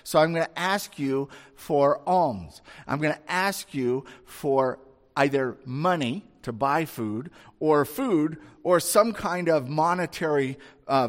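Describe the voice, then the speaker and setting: A lame beggar asking passers-by for money or food, as a preacher plays him, in a fairly high voice. The pleading is plain rather than theatrical. A long reverb trails behind it. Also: male voice. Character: poor lame male beggar pleading for alms.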